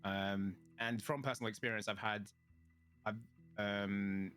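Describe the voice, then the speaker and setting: A man with a British accent, a guest on an interview podcast, speaking thoughtfully with many pauses and ums. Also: lowish voice, fairly even intonation, fairly bright tone, faint music behind. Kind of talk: casual interview chat.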